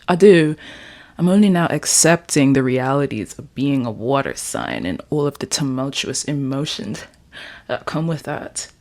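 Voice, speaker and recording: A Jamaican woman in her twenties vlogs casually alone in her room, rambling playfully about her writing. Her voice is deep with a darkish tone.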